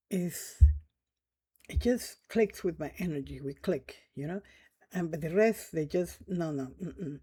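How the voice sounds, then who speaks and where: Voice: medium pitch, dark tone, husky. A middle-aged vlogger telling a personal story in a loose, rambling way, often checking in with the listener and using loose, nonstandard grammar. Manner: rambling, checks in with "right?" and "okay?". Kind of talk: casual spoken storytelling to camera.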